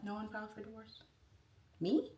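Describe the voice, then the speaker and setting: Reading viewer comments on a casual livestream, this woman rambles and chats, saying "like" constantly. Her medium-pitched voice is warm and lively, at a normal speed. A slight hiss or hum runs under the audio, and the distant mic picks up a roomy echo.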